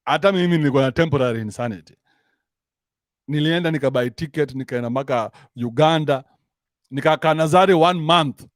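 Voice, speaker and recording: A man's voice: on the high side, brisk, dry recording, studio quality. A man with a Kenyan accent giving a crude, mocking comic rant, switching between English and slang. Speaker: commentary show host. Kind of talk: rant-style comic commentary.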